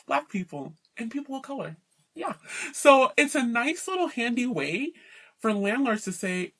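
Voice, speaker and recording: A woman's voice: a little high, big pitch swings, normal speed, a bit bright. Indignant woman ranting to camera. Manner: indignant, emphatic, mocking impressions of landlords. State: worn out. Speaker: vlogger. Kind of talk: personal rant to camera.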